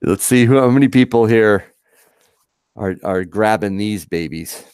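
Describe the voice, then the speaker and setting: Low-voiced man chatting on a livestream. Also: a little slow, a little mellow, smooth, dry recording, studio quality. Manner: chatty, laughs often, reads chat aloud. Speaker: livestream co-host. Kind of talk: casual live chat.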